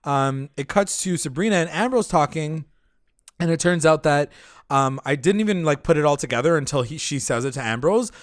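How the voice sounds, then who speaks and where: Young guy on a podcast, kinda high voice, rambly and sweary, dry close mic. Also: lively intonation, a little fast, no room sound. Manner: rambling, heavy filler, swears casually. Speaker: podcast co-host. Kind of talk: casual recap chat.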